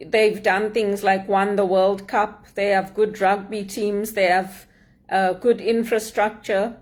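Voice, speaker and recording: Speaking as a mentor and motivational speaker, this middle-aged woman from Zimbabwe talks in an earnest, measured way with her Zimbabwean accent. Her pitch is medium and her tone leans dark.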